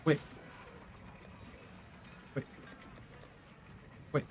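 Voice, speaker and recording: A young man streaming from his home setup, telling a rambling, animated story to his live chat and swearing casually into a studio mic. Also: a little high, a little slow, pauses often, slight background noise. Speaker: video game streamer. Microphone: condenser studio mic.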